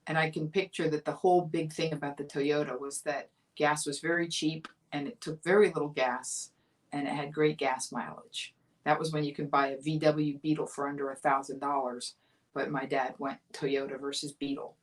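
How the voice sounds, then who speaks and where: A woman's voice: low voice, little pitch movement, normal speed, recorded from a distance. A woman in her fifties from Florida, hosting her own livestream show and telling a childhood story in a chatty, amused way, laughing through it. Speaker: comedian host of a weekly livestream talk show. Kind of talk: casual storytelling monologue.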